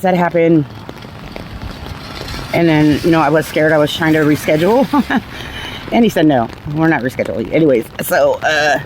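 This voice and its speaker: A middle-aged woman vlogger tells her own cancer story in a deep voice, candid and rambling, blunt and casually swearing. The recording is rough, with a little hiss or hum.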